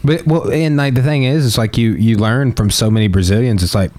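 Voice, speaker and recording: A man's voice: medium pitch, a little fast, a little mellow, no echo. A man chatting casually as a podcast co-host, joking and rambling, often slipping into mock voices. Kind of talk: casual chat.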